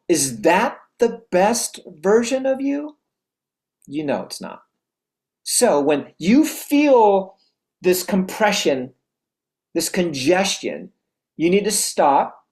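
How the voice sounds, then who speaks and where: Energetic motivational coach asking rhetorical questions. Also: mid-range voice. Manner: restarts phrases often. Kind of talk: motivational talk to a note-taking audience.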